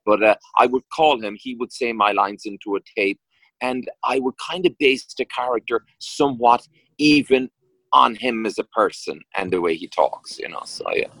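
A man's voice: medium pitch, animated, a bit bright, dry recording, poor audio. A middle-aged man with an Irish accent from County Kerry, an actor chatting in an interview, rambling and restarting his sentences often. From Ireland. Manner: rambling, halting with many restarts and fillers. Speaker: actor guest. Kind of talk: casual interview chat.

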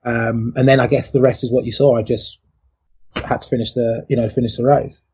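Interview guest: middle-aged man, mellow and slightly husky, reflective storyteller, lots of ums. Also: mid-range voice, flat delivery, brisk. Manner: reflective, emotional retelling with many fillers. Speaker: interview guest, former athlete.

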